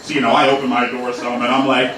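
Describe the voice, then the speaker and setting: A man's voice: medium pitch, flat delivery, fast, background noise. A young man doing a loose, profane stand-up set in a comedy club, laughing at his own jokes. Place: comedy club main room. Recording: echoey club room, mic at a distance.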